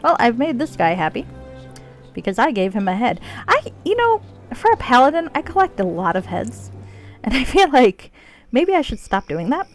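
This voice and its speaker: A woman's voice: on the high side, big pitch swings, normal speed, soft background music. A woman streaming a video game, chatting casually in a playful, joking way and swearing freely. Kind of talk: casual gameplay commentary.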